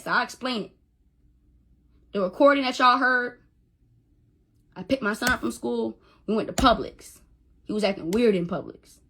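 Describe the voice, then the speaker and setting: A woman's voice: high-pitched, sharp tone. A young woman on a phone livestream, talking emotionally, stammering, repeating herself and swearing. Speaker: social media livestreamer.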